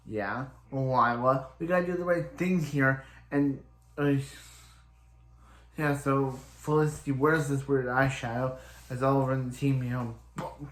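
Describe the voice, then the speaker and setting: Rambling man recapping in an echoey room. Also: mid-range voice. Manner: rambling, halting retelling full of restarts and "he's like". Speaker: show reviewer. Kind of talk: casual episode recap.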